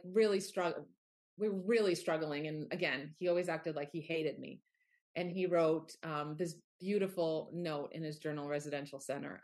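A middle-aged woman speaking as a guest in an interview, talking earnestly and from the heart. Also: low-pitched. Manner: earnest, heartfelt, with quoted asides. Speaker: author and guest. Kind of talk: candid interview conversation.

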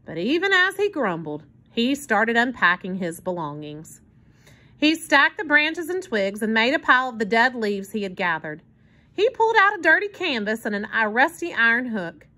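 A woman reading a children's book aloud in an expressive storytelling manner. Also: on the high side, moderate pace. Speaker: narrator.

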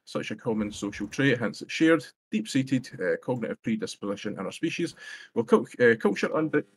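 A Scottish man reading a prepared debate statement on a voice call in a formal, academic way, with filler pauses. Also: medium pitch, animated, breathy edge. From Scotland.

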